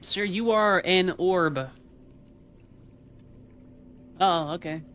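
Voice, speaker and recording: A man's voice: high-pitched, a little slow, fairly bright tone, a little hiss or hum. A male streamer chatting casually and teasing his viewers, laughing often while a game plays. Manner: playful, teasing chat with lots of laughter. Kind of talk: casual live-stream chat.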